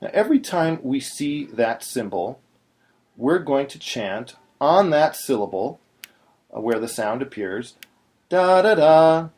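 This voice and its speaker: Man, patient teacher, explains step by step, breaks into short sung syllables, medium pitch. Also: animated, a little slow, darkish tone. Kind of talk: screen-recorded tutorial.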